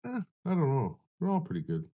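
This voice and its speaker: A man's voice: fairly high pitch, huge pitch swings, fairly quick, narrow, tinny audio. A man hosting a casual trading stream, rambling and swearing freely. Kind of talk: casual chat.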